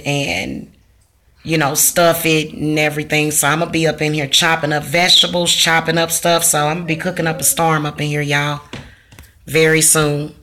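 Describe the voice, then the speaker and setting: A woman's voice: sits low, fairly bright tone. Blunt, profane woman vlogger ranting. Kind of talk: casual talk to camera.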